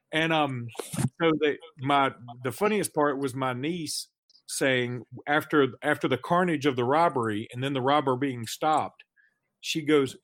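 A man's voice: mid-range voice, normal speed, background noise. A man in his thirties co-hosting a casual sports podcast, telling stories in a rambling way and often stopping to restart his sentences. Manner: rambling, self-interrupting storyteller. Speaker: podcast co-host.

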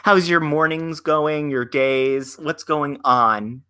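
Man, co-host, casual chat, bright voice, gushing. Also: fairly high pitch, steady tone, slow, clean tone.

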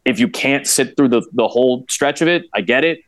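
A man guesting on a podcast, talking about a film in an eager, casual way with many quick restarts. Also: mid-range voice, no room sound. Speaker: podcast guest, play-by-play broadcaster. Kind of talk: casual chat.

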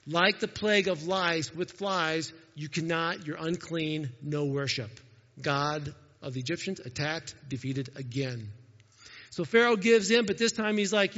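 Animated male pastor in an echoey hall. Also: on the high side, normal speed. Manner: animated, jokey, talks straight to the congregation. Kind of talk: sermon. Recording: echoey hall, dull lo-fi sound.

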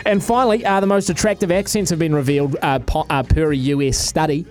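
A man's voice: a little high, steady tone, quick pace, a little mellow, soft background music. Give me an Australian man presenting offbeat news on the radio in a loose, joking manner. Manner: chatty, jokey, lots of fillers. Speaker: radio producer reading quirky news. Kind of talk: casual radio banter. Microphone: studio microphone.

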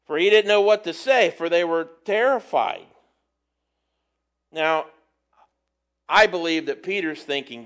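A man's voice: on the high side, a little slow, pauses often, a bit bright. A man preaching a casual sermon, folksy and conversational, with playful asides. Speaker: preacher teaching from the Bible.

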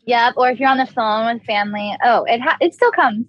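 A woman's voice: fairly high pitch, brisk, dry recording, dull audio. A young woman from the American South, a guest chatting casually and laughing often. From Southern US (Kentucky, Ohio). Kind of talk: casual chat.

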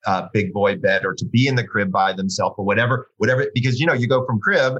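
A man's voice: fairly low pitch, fast talker, a bit bright, husky, highs cut off. A man talking as a sleep coach in a casual chat, reassuring and emphatic, with occasional swearing.

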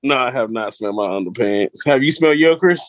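A man's voice: medium pitch, lively intonation, a little fast, dry recording. A man co-hosting a casual comedy podcast, joking around and laughing often. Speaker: podcast co-host, host's adult son.

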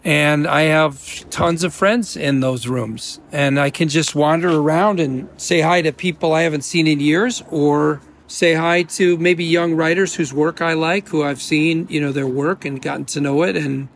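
A man's voice: fairly high pitch, steady tone, unhurried, creaky, slight background noise. A man from the American Midwest, a guest on an interview show, chatting casually and rambling with restarts. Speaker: guest actor.

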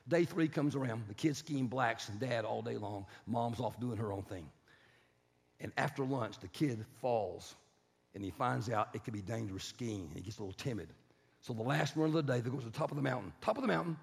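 Raspy, gravelly preacher telling a story. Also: male voice, medium pitch, fairly quick. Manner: dramatic, swinging from loud to hushed. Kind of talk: sermon storytelling. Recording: reverberant hall.

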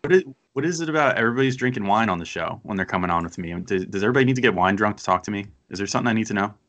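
A man with a fairly low, bright and forceful voice hosts a casual sports podcast. He rambles, thinks out loud and pokes fun at himself. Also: animated, rapid-fire. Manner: self-deprecating, rambling, thinks aloud. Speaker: podcast host.

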